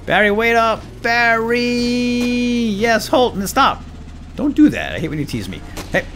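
Excitable man playing a war game, lively pitch. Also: measured pace. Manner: excitable, jokey, talks to teammates. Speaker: let's play gamer. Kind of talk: casual gameplay commentary. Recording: game music behind voice.

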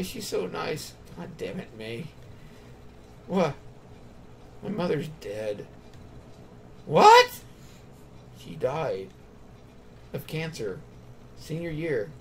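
He's a let's play gamer making his way through a story game, speaking the dialogue options aloud and then selecting one. The voice is mid-range, creaky, and a little mellow, with a small amount of hiss or hum.

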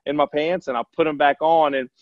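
A man, a former quarterback, telling a long story in a relaxed, rambling way with plenty of fillers. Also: fairly high pitch, brisk, no echo. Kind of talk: casual anecdote telling. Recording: dull lo-fi, dry sound.

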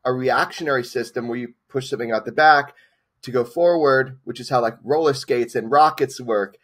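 A man in his forties, a documentary filmmaker and interview guest, telling a personal story in a lively way, acting out the dialogue and filling gaps with "like". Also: medium pitch, normal speed. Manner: lively, acts out quoted dialogue, many "like" fillers.

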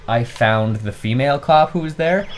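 With slight background noise, a young man speaks in a mid-range voice at a moderate pace while co-hosting a casual video-game playthrough. He's telling a long, foul-mouthed anecdote with lots of animation.

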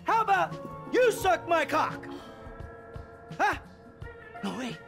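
Sarcastic hot-tempered criminal dad. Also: male voice, extremely high pitch, wildly swooping pitch, slow pace, vocal fry, over music, exaggerated voice. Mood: raging. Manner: sarcastic, explosive, swearing. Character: hot-tempered middle-aged male ex-criminal father. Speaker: game character.

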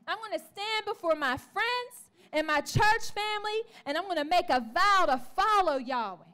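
A woman with a strikingly high voice preaches a testimony in church. She tells her story with animation, slipping into the voices of the people in it and calling out to the congregation. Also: lively intonation, normal speed, pushed and bright. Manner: calls out to the congregation. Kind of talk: sermon testimony.

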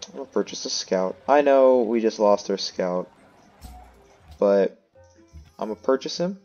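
A man's voice: lowish voice, measured pace, darkish tone, muffled recording, faint music behind. A man giving casual gameplay commentary, thinking aloud and making self-mocking asides. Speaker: let's play host.

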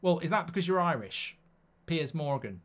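A man's voice: a little high, sing-song, moderate pace. A man hosting a live football watchalong, reading viewer comments aloud and giving blunt, chatty opinions.

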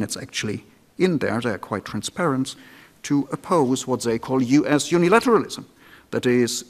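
This formal public lecture comes from a man speaking in a lecture hall, careful and deliberate, now and then restarting a phrase. He has a gravelly, mid-range voice.

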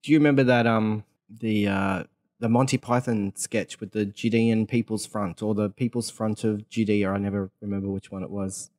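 A man's voice: lowish voice, steady tone, moderate pace, a little mellow. A man co-hosting a podcast over a video call, earnest and worked up, rambling in casual chat. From Australia. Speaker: podcast co-host.

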